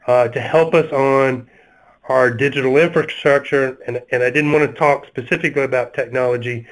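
A man with a Southern US accent talks through a webinar panel. He speaks at a middle pitch, stopping often with fillers and restarts as he gathers his points. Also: a bit bright, low-quality recording. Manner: halting, many fillers and restarts. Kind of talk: webinar discussion.

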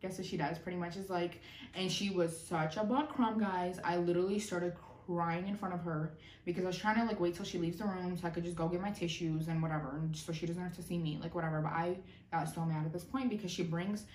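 A young woman telling a personal story in a storytime vlog, animated and sarcastic. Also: on the low side, a little fast. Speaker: vlogger. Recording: roomy echo, distant mic, faint noise.

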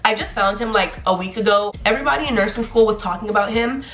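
A young woman in her twenties giving animated, encouraging advice in a casual vlog. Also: mid-range voice, quick pace. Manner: animated, chatty, playful, encouraging. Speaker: nursing graduate vlogger. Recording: echoey room.

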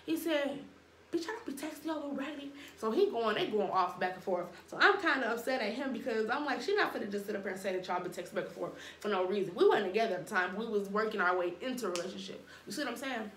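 A young woman telling a casual storytime with lots of slang, animated and acting out what people said. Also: mid-range voice, fast talker, hardly any pauses. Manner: animated, slangy, acts out quotes. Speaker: storytime vlogger. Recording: roomy echo, faint background noise.

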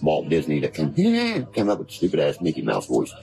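Very deep and dark-toned, with vocal fry and wildly swooping pitch, this man talks a little fast in a rough recording over background music. He's a guest from Virginia, from West Virginia, rambling casually, cursing freely and spinning conspiracy talk.

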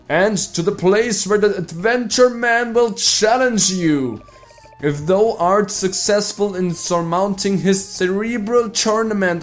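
A man's voice: sits high, voice pushed up. A man voicing a pompous game quest giver who speaks in a grandiose, fake old-fashioned way. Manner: grandiose, archaic phrasing.

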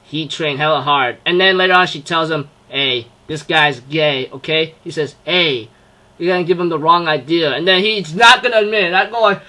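Bright, rambling young man reviewing anime. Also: a little high, moderate pace. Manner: rambling, laughs often, fillers like "you know, that kind of thing". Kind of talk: casual spoken review.

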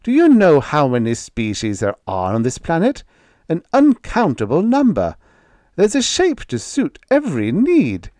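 A man's voice: on the high side, wildly swooping pitch, a little slow, darkish tone, no echo, clean studio sound, pitched above the performer's own voice. A man voicing a carefree male alien shapeshifter in the form of a dog, easygoing and cheerful.

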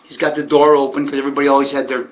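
A man, a harness horse trainer, casually telling a story in an animated, emphatic way, repeating words for effect. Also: mid-range voice, very fast. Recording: dull lo-fi recording.

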